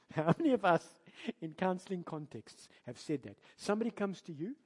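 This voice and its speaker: A man with a South African accent preaching a sermon as a pastor, emphatic and animated, firing rhetorical questions at his congregation. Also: sits high, moderate pace, husky. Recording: long reverb of a large hall.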